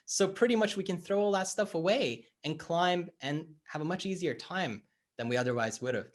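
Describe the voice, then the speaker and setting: This man, a life coach, talks through his ideas as a guest in an interview, bringing his stories to life by performing the dialogue in an animated way. He speaks at a normal speed in a slightly high voice.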